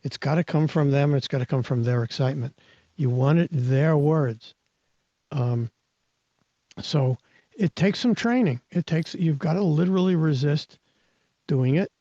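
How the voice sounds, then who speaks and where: Emphatic man, mellow and muffled. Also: fairly high pitch, measured pace, pauses often, no room sound. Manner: emphatic, repeats words, frequent restarts. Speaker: host and mindset coach. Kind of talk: live audio-room talk, teaching. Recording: dull, lo-fi online audio.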